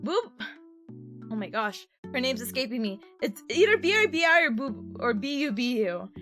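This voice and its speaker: Bubbly high-voiced woman streamer, squealing. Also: moderate pace, faint music behind. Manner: bubbly, breaks into excited squeals. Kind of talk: casual recap chat.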